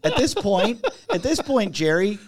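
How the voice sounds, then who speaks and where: A man's voice: sits high, a little slow, no room sound. A man telling a funny story in casual chat, laughing as he goes and acting out what others said. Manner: animated, laughs while telling, acts out others' lines. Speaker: storyteller on a talk show.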